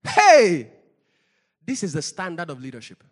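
A pastor preaching an impassioned sermon, dropping low and then shouting out his points, with bursts of praying in tongues. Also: sing-song, normal speed, slightly rough. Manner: impassioned preaching, swinging between low intensity and loud shouting; speaks in tongues between points.

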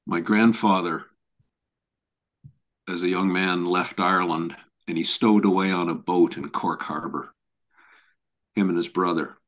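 A man who is a professor speaks as a podcast guest and tells stories in an earnest way. His voice is deep, and he often doubles words as he finds his footing. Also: fairly even intonation, unhurried, pauses often, fairly bright tone. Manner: earnest, repeats words as he restarts. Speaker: professor of spine biomechanics, guest. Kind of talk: conversational storytelling.

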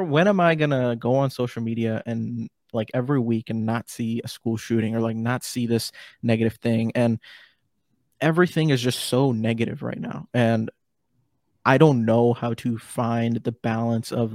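A male podcast host who talks loosely and circles around his point, stacking fillers and restarts as he thinks aloud. His voice sits at an ordinary middle pitch for a man. The recording is close and dry, with almost no room sound. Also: a little mellow, dry recording. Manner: rambling, many fillers and restarts. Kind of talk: casual podcast conversation.

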